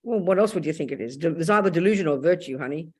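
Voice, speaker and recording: A woman's voice: sits low, lively intonation, fast, darkish tone. A woman with an Australian accent giving a blunt, emphatic dharma talk as a Buddhist nun, calling her listeners darling.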